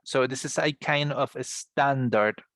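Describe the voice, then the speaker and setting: A man's voice: mid-range voice, measured pace, fairly bright tone, dry recording. Colombian man teaching an English class. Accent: Colombian Spanish. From Colombia, from Bogota. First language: Spanish. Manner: explanatory, addresses students as guys, frequent restarts. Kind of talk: online class lecture. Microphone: video call.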